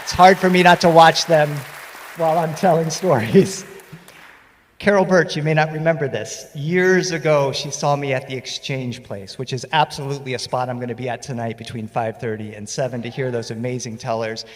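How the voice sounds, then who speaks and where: A man performing stories live on a festival stage, playful and animated, speaking into a stage microphone. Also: medium pitch, normal speed, in a large hall. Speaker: storyteller. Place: festival stage before an audience.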